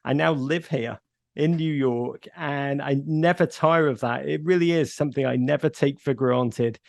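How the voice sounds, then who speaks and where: A man's voice: mid-range voice, moderate pace, gravelly, a little mellow, no echo, studio quality. A middle-aged man with a Northern English accent, chatting as a radio guest and telling stories with playful self-mockery. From north of England. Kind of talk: casual radio chat.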